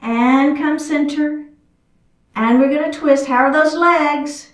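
A woman guides a chair yoga class in a fairly high voice, chatty and encouraging as she demonstrates the poses. She sounds a little out of breath. Her voice is caught from a distance in an echoey room. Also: slow pace. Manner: encouraging, chatty, talks while moving. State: slightly out of breath. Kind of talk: guided exercise class instruction. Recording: echoey room, far from the mic.

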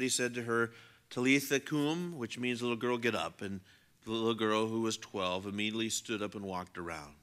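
A man preaching a sermon, animated, acting out the voices of people in the story and swinging between loud outbursts and hushed lines. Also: medium pitch. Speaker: pastor.

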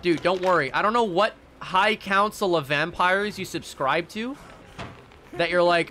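A young man with a high, pushed and bright voice streams a game live at a moderate pace, with slight background noise. He rants casually and swears, laughing at himself in between.

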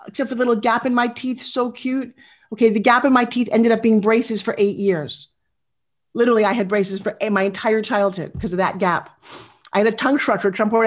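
A woman in her fifties giving a motivational speech, animated and confessional, talking straight to her audience and asking for their replies. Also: on the high side, brisk. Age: 50s. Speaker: motivational speaker.

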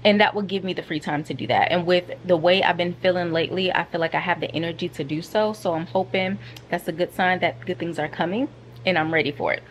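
A woman's voice: lowish voice, fast talker, slight background noise. A woman in her thirties chatting casually to her viewers in a vlog from her couch at home. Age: 30s. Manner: chatty and animated, addressing viewers directly. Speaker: vlogger.

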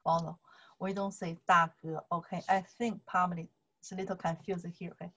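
A woman's voice: fairly low pitch, little pitch movement, a little fast, sharp tone. A woman with a Chinese accent, a Chinese teacher explaining to camera, repeating phrases in simple broken English.

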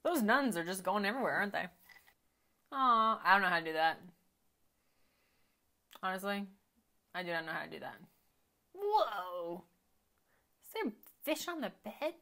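Woman, movie reaction commentary, animated rises and falls, chatty, muttering asides. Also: mid-range voice, normal speed, pauses often. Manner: chatty, thinks aloud, drops to quiet murmurs. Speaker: reaction video host.

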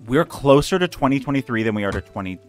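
A man's voice: mid-range voice, lively intonation, fast, faint music behind. A young man live-streaming a game, chatting playfully and joking about himself. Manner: playful, self-mocking, chatty.

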